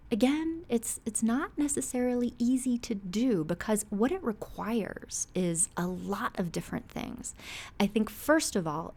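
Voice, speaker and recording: A woman therapist hosting an advice podcast, talking conversationally and acting out everyday scenes. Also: mid-range voice. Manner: animated, acts out everyday scenes; warm, conversational, with frequent "okay?" check-ins. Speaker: couples therapist and podcast host.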